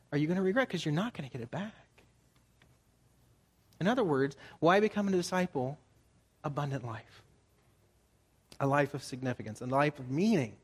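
A man in his forties giving a sermon as a pastor, talking in a conversational way and jumping higher for emphasis. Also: husky. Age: 40s. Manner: conversational, animated, jumps into higher pitch for emphasis.

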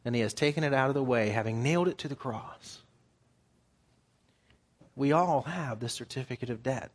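A man preaching a sermon at a middle pitch. He reads scripture passages aloud, then explains them in plain, conversational terms. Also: normal speed.

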